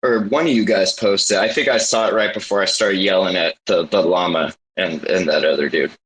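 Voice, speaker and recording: Man, very deep voice, forceful bright tone, joking, teasing, casual chat. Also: a little fast, poor audio.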